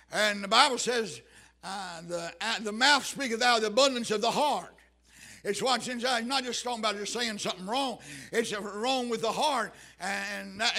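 High, bright-voiced fervent male preacher. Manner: fervent, swings from shouting to hushed near-whisper. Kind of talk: sermon.

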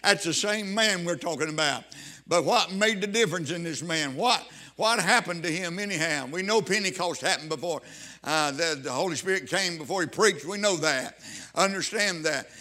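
A man's voice: a little high, moderate pace, sharp tone. A man preaching a fervent sermon, repeating phrases and calling out hallelujahs.

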